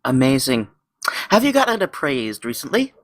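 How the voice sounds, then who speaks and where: A man voicing a snooty, haughty wealthy gentleman with a vague foreign accent. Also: mid-range voice, wildly swooping pitch, dry recording. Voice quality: haughty, drawn-out. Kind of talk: improvised comedy role-play.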